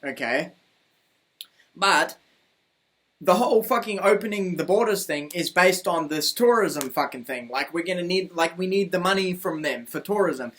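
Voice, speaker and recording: Kiwi-accented man, angry profane vlog rant, voice sits high. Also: lively intonation, moderate pace, a bit bright. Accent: New Zealand. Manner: profane, heated, repetitive ranting. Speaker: vlogger.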